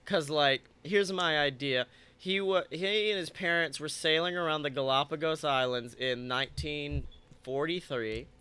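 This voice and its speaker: Young guy rambling a goofy made-up story, crisp bright voice, slow. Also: fairly high pitch. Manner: rambling, playful, crude jokes. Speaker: podcast co-host. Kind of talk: improvised comedic storytelling.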